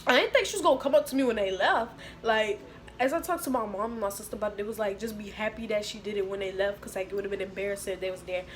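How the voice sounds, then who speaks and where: A young woman telling a storytime to her viewers, animated and slangy. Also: medium pitch, fast talker. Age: young adult. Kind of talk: casual storytime.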